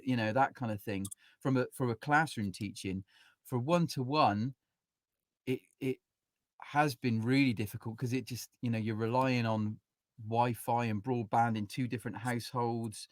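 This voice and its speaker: Casting note: chatty male musician-teacher, mid pitch, rambling and self-interrupting, dry close sound. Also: dry recording. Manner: rambling, full of "you know", acts out quotes. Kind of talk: casual interview chat.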